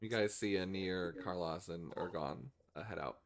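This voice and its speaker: Very low-voiced woman running the game. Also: moderate pace, background noise. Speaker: game master.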